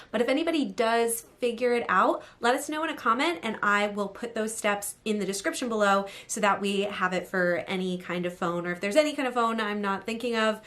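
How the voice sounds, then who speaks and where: A woman's voice: a little high, fairly bright tone. A woman novelist talking through phone app steps in a casual, upbeat how-to vlog, chatty and full of "like" and "um".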